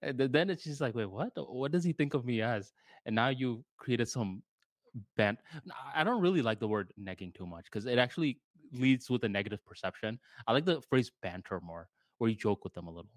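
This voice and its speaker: A man's voice: medium pitch, expressive, a little fast, dry recording. A man co-hosting a podcast in casual chat, laid-back and slangy, retelling scenes with little voices. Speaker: podcast co-host.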